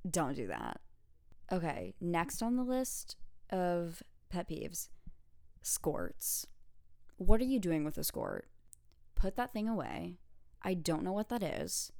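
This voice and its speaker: Exasperated woman ranting, low dry voice. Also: creaky, a little mellow, no echo. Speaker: podcast host; student. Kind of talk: casual rant.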